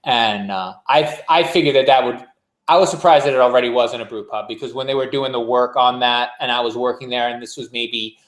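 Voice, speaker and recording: A man's voice: medium pitch, steady tone, brisk. A man, co-hosting a casual beer podcast, chatty and rambling, laughing often. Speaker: podcast co-host. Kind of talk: casual chat. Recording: echoey room.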